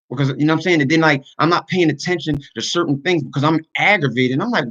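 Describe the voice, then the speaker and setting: A man's voice: fairly high pitch, quick pace, few pauses, a bit bright, muffled recording. A man talking earnestly to his online community in a casual livestream, venting his frustrations. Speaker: YouTuber and podcaster.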